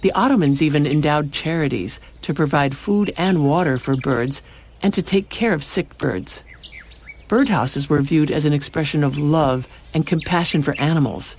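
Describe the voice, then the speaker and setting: A woman radio presenter reading a scripted short feature in a measured, storytelling way. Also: sits low, a little mellow, slightly rough. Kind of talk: scripted narration.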